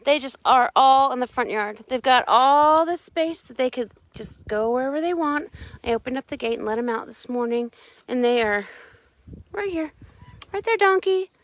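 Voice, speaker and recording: A woman's voice: high voice, moderate pace, no room sound. Chatty woman streaming from her ranch. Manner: chatty, talks sweetly to animals. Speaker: ranch owner streaming live. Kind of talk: casual live-stream chat. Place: outdoors on a ranch yard.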